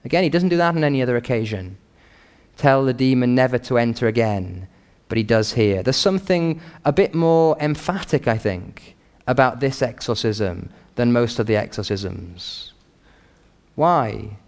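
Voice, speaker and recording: A man preaching a sermon in an earnest, measured and emphatic pastoral way. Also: mid-range voice, animated, darkish tone.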